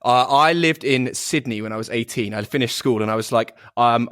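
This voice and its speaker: A young man with a British accent hosting an interview over a video call, polite and quick to laugh, careful not to offend. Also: mid-range voice, a bit bright, clean tone. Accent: British English. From United Kingdom. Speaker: podcast host.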